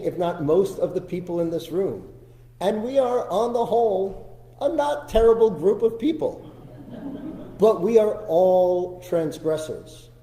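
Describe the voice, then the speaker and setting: A man giving a sermon as a rabbi, telling a personal story in a reflective, deliberate way with slow emphasis. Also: on the high side, mellow. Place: synagogue sanctuary. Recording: roomy sanctuary with long reverb.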